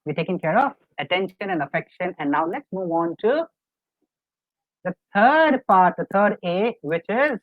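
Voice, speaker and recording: A man's voice: high voice, lively intonation, moderate pace, no room sound. A middle-aged man, a life coach giving a live webinar lecture in an earnest, coaxing, repetitive way. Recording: dry, tinny phone-like online call audio.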